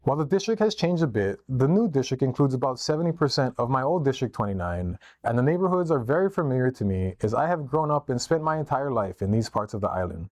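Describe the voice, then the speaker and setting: A man from Hawaii reads his prepared campaign message in a steady, formal delivery. His voice sits at an ordinary pitch and is recorded close and dry, with no room sound around it. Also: fast talker, few pauses, no room sound. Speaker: political candidate. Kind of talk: read campaign statement.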